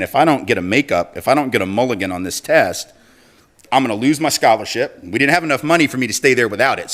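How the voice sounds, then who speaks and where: Man, middle-aged, public speech, conversational storytelling, mid pitch. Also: a bit bright. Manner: conversational storyteller, acts out quoted voices. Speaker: speaker.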